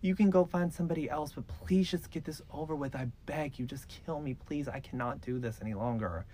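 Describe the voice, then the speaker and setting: A man's voice: a little high, fairly quick, dark tone, slight background noise, pitched above the performer's own voice, lightly acted. Man doing a pleading teenage girl, raised strained voice, begging, worn out. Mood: desperate pleading.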